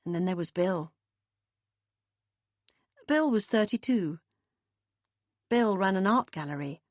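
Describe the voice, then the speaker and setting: A woman reads an audiobook in a measured, expressive way, her voice in the middle of the female range. The sound is close and completely dry, with no trace of room. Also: mid-range voice, no echo. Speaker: audiobook narrator. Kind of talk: scripted audiobook narration.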